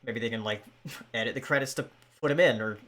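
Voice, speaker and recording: A man hosting a podcast in casual chat, hesitant, with many pauses and restarts. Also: mid-range voice, fairly bright tone. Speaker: podcast host.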